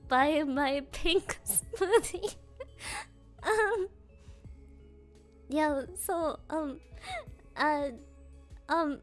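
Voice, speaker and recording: A young woman streamer chatting casually with her viewers, telling rambling stories full of fillers and giggles. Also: very high voice. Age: young adult.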